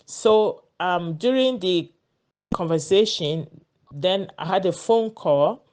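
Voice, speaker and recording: A woman's voice: fairly low pitch, animated, slow pace, darkish tone. Earnest woman telling a story. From Ghana. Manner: earnest, repeats words while searching for them. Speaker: vlogger sharing a personal story. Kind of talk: casual storytelling monologue.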